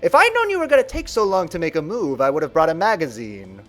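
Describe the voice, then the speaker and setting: A man imitating a manipulative, self-absorbed young woman duelist from a cartoon, starting lines fast and high and trailing into a gravelly drawl. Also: wildly swooping pitch, a bit bright, soft background music. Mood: taunting.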